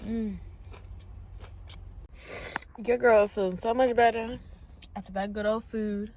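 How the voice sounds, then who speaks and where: A woman's voice: fairly high pitch, fairly even intonation, slow pace, a little mellow, slight background noise. A woman vlogging as a stay-at-home mom, chatting casually, preaching a little and venting, from a parked truck. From Latina, US. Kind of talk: casual vlog chat.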